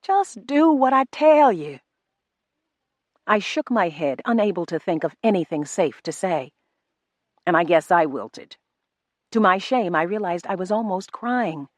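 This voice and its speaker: A woman reading a novel aloud in first person, measured and restrained. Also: fairly low pitch, animated, dry recording. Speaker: audiobook narrator. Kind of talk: first-person audiobook narration.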